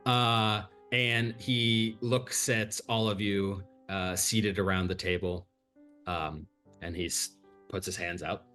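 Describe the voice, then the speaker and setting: A man narrating as game master in a tabletop game, relaxed and halting, with many fillers. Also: lowish voice, faint music behind.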